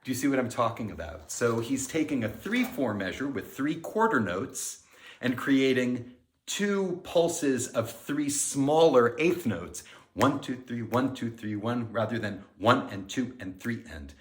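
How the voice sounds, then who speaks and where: A middle-aged man, a music director, giving a pre-concert talk and explaining the music in an unhurried, friendly lecturing way. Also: mid-range voice, expressive. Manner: explanatory, counts beats aloud and sings themes. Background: piano.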